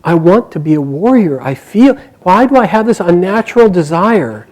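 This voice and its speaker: Casual: guy doing a sincere noble young man, earnest and pleading, soft mellow voice. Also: sits high, lively intonation, moderate pace, pitched above the performer's own voice. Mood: troubled.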